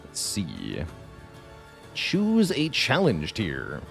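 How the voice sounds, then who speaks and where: A man's voice: low-pitched, huge pitch swings, drawn-out words, gravelly, soft background music. Chatty man streaming a game. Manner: chatty, thinking aloud with fillers. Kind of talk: casual live-stream game commentary.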